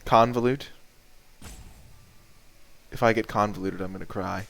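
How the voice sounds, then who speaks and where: A man commentating his own card game as he plays, talking aloud to the game and to his opponent. His voice is smooth and clear, and his delivery is leisurely. When a play goes against him, he turns melodramatic. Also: mid-range voice, unhurried, pauses often, fairly bright tone. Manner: melodramatic outbursts over bad luck; chatty, talks to the game and opponent. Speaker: card game video creator. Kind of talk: live gameplay commentary.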